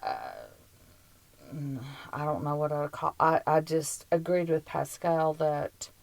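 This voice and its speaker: A woman's voice: low voice, steady tone, takes it slowly, gravelly, dry recording, low-quality recording. A woman co-hosting a podcast in casual chat, blunt and dry-witted with her opinions. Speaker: podcast co-host.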